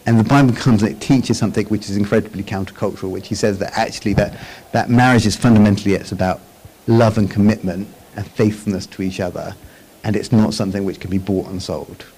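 Man teaching a chatty sermon, low voice. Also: fairly even intonation, fast talker, a little mellow, a little hiss or hum, low-quality recording. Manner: chatty, frequent tag questions and restarts. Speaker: Bible teacher. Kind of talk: conversational sermon with slides.

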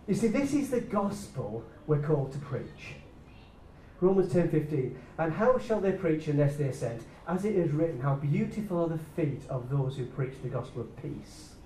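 A man delivers a sermon in a lively, fairly high voice that leaps from loud exclaiming bursts down to soft, hushed phrases. He stands back from the microphone in an echoey room with faint ambient noise behind him. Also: normal speed, distant mic. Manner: animated, shifting between loud bursts and hushed soft lines. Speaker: preacher. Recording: echoey room, speaker away from the mic.

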